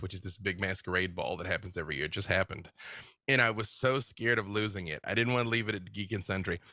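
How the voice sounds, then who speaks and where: A man, a game master being interviewed, chatting casually and telling stories in an animated way, laughing often. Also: sits low, dry recording, studio quality.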